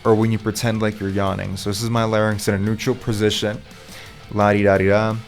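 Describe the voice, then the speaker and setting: Casual, low-voiced man coaching singers. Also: level tone, a little fast, faint music behind. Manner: casual and chatty, with loose swearing. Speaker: vocal coach. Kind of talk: casual instructional talk.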